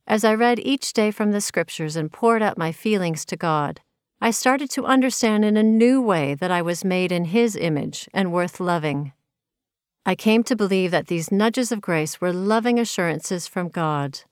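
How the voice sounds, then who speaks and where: A woman's voice: on the low side, a little slow, dry recording, studio quality. A woman from Minnesota reading her own personal story of faith aloud in an earnest, reflective way. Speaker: narrator.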